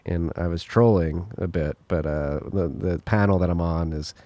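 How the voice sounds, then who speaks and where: Casual male co-host with a low voice and dry sound, joking and laughing often. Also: fairly even intonation, a little fast, hardly any pauses, warm tone, no room sound. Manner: joking, laughs often, reads release list. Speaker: podcast co-host. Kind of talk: casual podcast chat.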